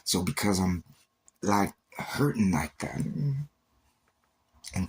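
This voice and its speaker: A man's voice: low-pitched, steady tone, slow pace, long pauses, slightly rough. A man on a livestream giving an intense, emotional faith testimony, repeating himself and acting out quoted exchanges.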